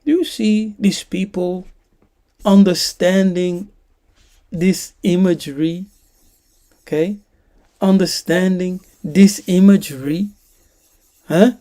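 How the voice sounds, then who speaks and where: A woman delivers an emphatic teaching sermon at an unhurried, deliberate pace. Her voice is warm and mellow. She keeps turning to her listeners with questions. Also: on the low side, fairly even intonation. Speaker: preacher.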